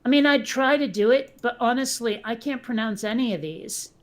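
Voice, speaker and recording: A woman's voice: a little high, moderate pace. A woman hosting a casual chat show, talking loosely and laughing at herself while reading aloud. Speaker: show host.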